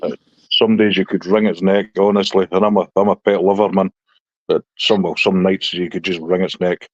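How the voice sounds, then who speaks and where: Sweary man, low and dry. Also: flat delivery, moderate pace, no room sound, highs cut off. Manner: blunt, sweary storytelling, laughs often. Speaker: live stream host. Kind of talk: casual chat.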